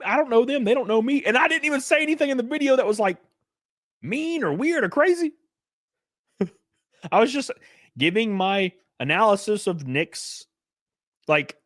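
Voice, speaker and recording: A man's voice: high-pitched, dry recording, studio quality. A young man hosting a livestream, commenting casually, swearing freely, laughing often and thanking donors by name. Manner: animated, profane, laughs often. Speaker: livestream host.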